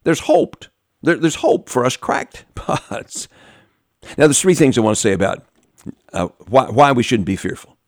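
A man's voice: sing-song, a little slow, dry recording, clean studio sound. A man preaching a sermon in a folksy, emphatic way, with many restarts, talking straight to his congregation. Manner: emphatic, with big pitch swings, repeats and restarts; folksy, talks directly to the congregation.

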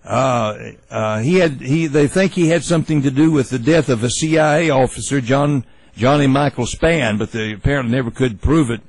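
A man hosting a talk radio show, giving opinionated commentary in a folksy, halting way with many fillers and restarts. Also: mid-range voice, no room sound, rough recording.

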